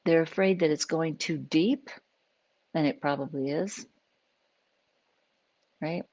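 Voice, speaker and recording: A woman with a notably low voice talks through ideas in an unscripted, conversational way, hosting a live stream as a psychologist. The sound is dry and close, with no room ring. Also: takes it slowly, darkish tone, no echo, low-quality recording. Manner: conversational, explains with acted examples and asides. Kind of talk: unscripted teaching talk to a live audience.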